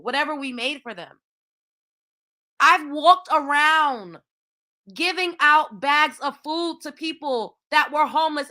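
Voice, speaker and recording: A woman's voice: sits high, bright, forceful tone. A woman hosting her own show, ranting in heated, profane commentary with lots of exclamations. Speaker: show host.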